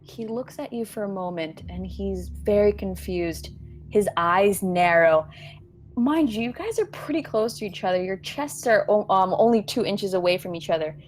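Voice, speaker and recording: A woman's voice: medium pitch, normal speed, faint music behind. A woman narrating a tabletop game as game master, describing scenes with casual fillers.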